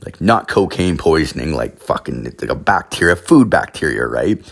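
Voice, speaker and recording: A man's voice: very deep voice, very animated, moderate pace, gravelly, husky. A man hosting a podcast, telling stories in a rambling, profane way full of fillers. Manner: profane, filler-heavy, with frequent "like". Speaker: podcast host. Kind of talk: rambling casual storytelling.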